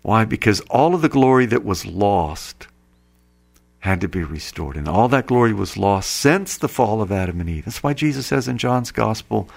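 A man's voice: on the low side, animated, normal speed, vocal fry. A man giving a sermon-style talk, earnestly explaining passages he reads aloud. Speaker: preacher. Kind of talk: sermon-style spiritual reading commentary.

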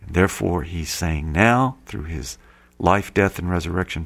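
A man's voice: low voice, moderate pace, gravelly, a bit bright. A man giving a sermon-style talk, earnestly explaining passages he reads aloud. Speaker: preacher. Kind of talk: sermon-style spiritual reading commentary.

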